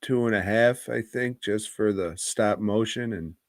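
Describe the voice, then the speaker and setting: A man co-hosting a movie podcast talks slowly and rambles through jokes and crude asides. He tosses in "mate" slang in a casual, profane review style. His voice sounds close and dry, with no room around it. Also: lowish voice, no echo. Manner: rambling, joking, drops "mate" and "blokes and birds" slang.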